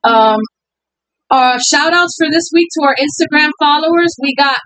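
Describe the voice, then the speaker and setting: High-voiced playful woman podcast host. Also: normal speed, a bit bright, no room sound, soft background music, poor audio. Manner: playful, teasing, laughs often. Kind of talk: casual podcast chat.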